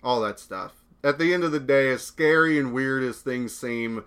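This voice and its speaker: A man's voice: medium pitch, moderate pace, a bit bright, clear, resonant tone. A young man hosting his own podcast, talking alone in a laid-back, rambling way and swearing casually. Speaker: podcast host. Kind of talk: casual solo podcast talk.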